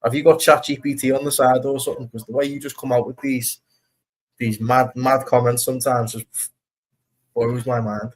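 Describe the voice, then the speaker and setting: A man's voice: medium pitch, level tone, normal speed. Chatty young man streaming football. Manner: chatty, rambling, swears, reads out chat comments. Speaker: football watch-along streamer. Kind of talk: casual live-stream chat.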